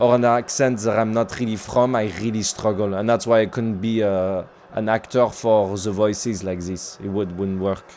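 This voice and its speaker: A man's voice: mid-range voice, a little mellow, slight background noise. Chatty man hosting a football watchalong. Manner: chatty, reads out viewer comments, talks to his pet. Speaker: football livestream host. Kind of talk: casual live watchalong commentary.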